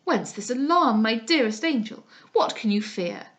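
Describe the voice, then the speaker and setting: A woman reading the part of an ardent, pushy gentleman suitor who speaks in effusive, flowery declarations. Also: a little high, lively intonation, normal speed. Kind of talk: dramatized audiobook reading.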